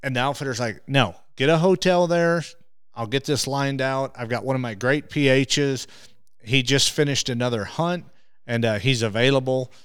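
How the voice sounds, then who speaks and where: Guy telling hunting stories on a podcast, smooth clear voice, dry close mic, keeps repeating himself when he gets going. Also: medium pitch, moderate pace, dry recording. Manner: restarts and repeats words when excited. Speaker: hunting show host, interview guest. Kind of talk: animated storytelling.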